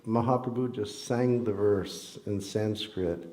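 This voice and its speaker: A man preaches informally, mixing story and scripture in a conversational, earnest way. His voice sits low with a warm, mellow color. The sound carries the echo of a large temple hall. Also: steady tone, slow pace. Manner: conversational, earnest, with ordinary fillers. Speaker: devotional speaker. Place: temple hall during a festival. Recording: echoey hall.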